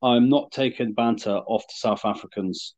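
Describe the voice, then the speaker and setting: A man co-hosts a casual sports chat, rambling and halting as he restarts his thoughts. His pitch is middling and unremarkable. The recording sounds dull and lo-fi. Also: a little mellow. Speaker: podcast co-host.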